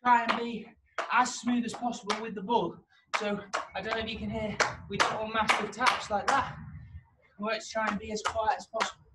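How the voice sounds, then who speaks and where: A man's voice: sits high, a little fast. A man coaching a home hockey training session, upbeat and encouraging as he counts out reps, out of breath from the exercise. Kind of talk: home workout instruction. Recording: steady background noise.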